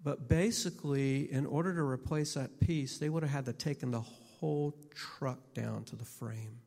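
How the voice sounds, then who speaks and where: A man who is a minister and teacher tells a personal story in a sermon, halting and often repeating how he starts his sentences. There is a long hall reverb on his voice. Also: mid-range voice, creaky, darkish tone.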